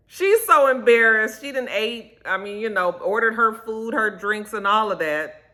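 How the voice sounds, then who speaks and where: A woman chatting through a reality-show recap to camera, telling it with sassy slang and drawn-out emphasis. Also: on the high side, animated, pushed and bright.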